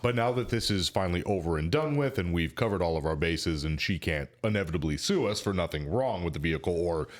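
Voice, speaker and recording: A man co-hosting a car-industry podcast, telling work stories in a joking, animated way. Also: low-pitched, fast talker, few pauses. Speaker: podcast co-host, auto service worker. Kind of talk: casual podcast banter.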